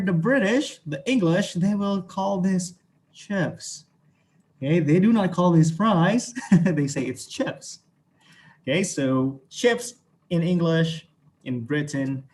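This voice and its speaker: Chatty Indonesian man teaching English online. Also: a little high. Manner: encouraging, chuckles often, fills with "okay".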